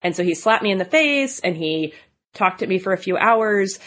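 A woman's voice: medium pitch, expressive, normal speed, a bit bright. A woman in her thirties telling her own story in a candid, conversational way, full of "like" and "you know". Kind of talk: personal testimony.

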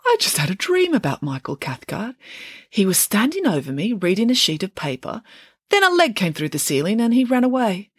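A woman's voice: medium pitch, wildly swooping pitch, a little fast, breathy edge, no room sound, studio quality, pitched above the performer's own voice. A woman voicing a dreamy, sleepy schoolgirl in a storybook reading, chatting in an airy way.

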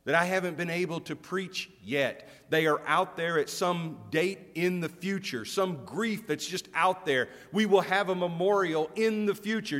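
Candid middle-aged pastor in a reverberant hall. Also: male voice, a little high, a bit bright. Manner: candid, self-deprecating, conversational preaching with frequent restarts. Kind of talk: sermon.

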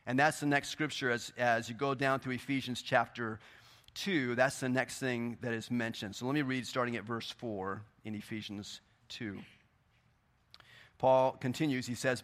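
A man preaching a sermon in a church, swinging between loud, emphatic bursts and quieter scripture reading. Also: mid-range voice, normal speed. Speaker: pastor. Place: church sanctuary.

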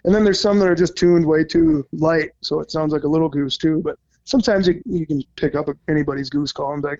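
Talking fast with hardly any pauses, a Minnesota man on a podcast, who competes in goose calling, rambles a little in casual conversation and swears occasionally. His voice is a little high with a darkish tone, and the recording sounds dull and lo-fi.

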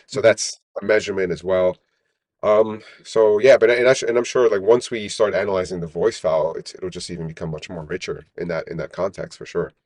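A man's voice: low-pitched, a little fast, few pauses, no echo. A middle-aged man, a company founder in an interview, talking animatedly and often tagging his points with "right?". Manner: animated, peppers speech with "right?". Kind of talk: casual interview talk.

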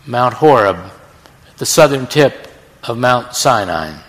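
A man preaching a sermon, telling a story dramatically with sudden hushed drops in his voice. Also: mid-range voice, lively intonation, measured pace. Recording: long reverb in a large hall.

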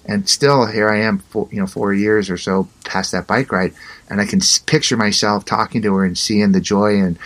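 Low-voiced man telling a story. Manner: animated, acts out both sides of dialogue. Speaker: interview guest. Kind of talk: conversational storytelling.

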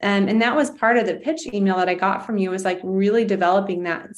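Gentle, thoughtful woman host. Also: mid-range voice, quick pace, dull audio. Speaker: podcast host. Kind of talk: casual interview chat.

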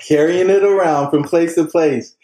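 A man's voice: a little high, normal speed, warm tone. A man hosting a casual interview over a video call, hyping up his guest and asking friendly questions. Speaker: host. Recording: echoey room.

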